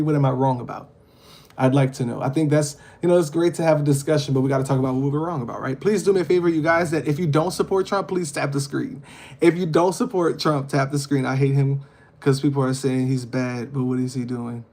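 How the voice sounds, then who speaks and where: A man's voice: on the high side, fairly even intonation, a little fast, a little mellow. A man hosting a casual livestream, talking earnestly to his viewers and asking them questions. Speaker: livestream host.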